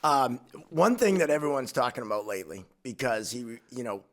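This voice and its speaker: A man's voice: mid-range voice, very animated, fairly bright tone. Hesitant male podcast host. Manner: halting, filler-heavy questions. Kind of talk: casual interview chat.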